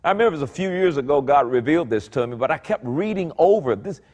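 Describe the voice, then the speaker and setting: A middle-aged pastor talks fast and animatedly through his sermon, reading scripture and commenting on it. His darkish male voice lurches from low murmurs up to high exclaims.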